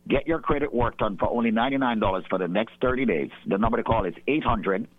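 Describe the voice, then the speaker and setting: A man giving a radio advertisement pitch, emphatic and repeating his key points. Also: fast, no echo. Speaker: radio show host and company promoter. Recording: dry, tinny phone-like radio audio.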